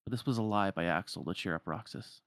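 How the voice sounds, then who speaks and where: A man's voice: low voice, quick pace, gravelly, a bit bright, no echo, clean studio sound. Man retelling a game story. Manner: plain storytelling with fillers and restarts. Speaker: narrator.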